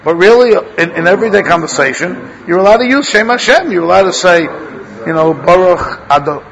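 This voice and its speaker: A man's voice: sits high, lively intonation, brisk, a bit bright, poor audio. A middle-aged man teaches a class, chanting Hebrew text and explaining it in casual English asides. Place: classroom with students. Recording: class recording with audience noise.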